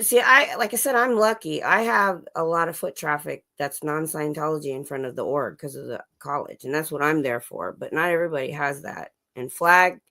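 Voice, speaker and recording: A woman's voice: low voice, pushed and bright. Chatty woman hosting a late-night stream. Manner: chatty, talks to her dogs between topics, many restarts. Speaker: livestream host. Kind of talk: casual late-night chat. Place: home, dogs in the room. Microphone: livestream setup.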